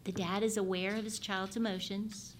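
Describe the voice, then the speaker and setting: A middle-aged woman at a medium pitch, teaching about parenting with an animated manner. She often turns to ask her listeners questions and swings between loud and hushed delivery, with a faint low rumble behind her. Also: normal speed. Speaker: parenting speaker. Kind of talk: teaching talk.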